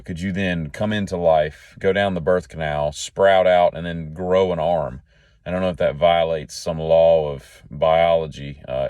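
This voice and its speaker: Male solo host, folksy and tangent-prone, low-pitched, dry recording. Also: darkish tone, no room sound. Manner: jokey, tangent-jumping, folksy. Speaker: podcast host. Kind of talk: rambling solo monologue.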